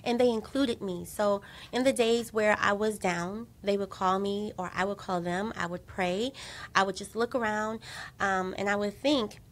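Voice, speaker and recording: A middle-aged woman, a talk show guest, telling her own story of surviving cancer in an earnest, animated way, acting out the people she quotes. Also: mid-range voice, normal speed.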